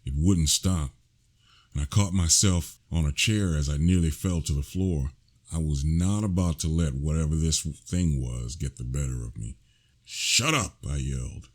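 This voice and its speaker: A man narrating his own first-person horror story, slow and hushed, with sudden shouted lines. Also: rumbling low.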